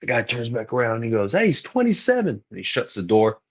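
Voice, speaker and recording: A man's voice: lowish voice, quick pace, dull audio. A young man, a wrestler guest on a podcast, telling stories in a casual, slangy way and acting out what people said. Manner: animated, slangy storyteller who acts out quotes. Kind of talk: casual storytelling.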